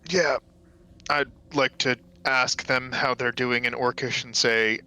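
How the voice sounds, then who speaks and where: A man's voice: medium pitch, steady tone, takes it slowly, sharp tone, clean tone. A man playing a tabletop game, speaking in an easygoing, earnest way. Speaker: player. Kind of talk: casual tabletop game chat.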